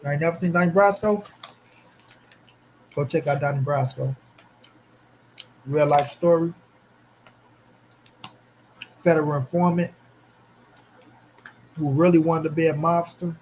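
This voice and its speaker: A man hosting a casual boxing livestream, speaking in an animated, slangy way as he answers his chat. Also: fairly high pitch, normal speed, pauses often, slight background noise. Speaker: boxing commentary channel host.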